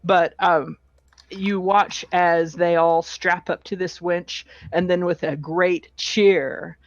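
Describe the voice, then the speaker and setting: Slow, unhurried game master on a dull call line. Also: medium pitch, no room sound. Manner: relaxed and hesitant, many fillers. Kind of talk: narrating a tabletop game. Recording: dull, slightly lo-fi online call audio.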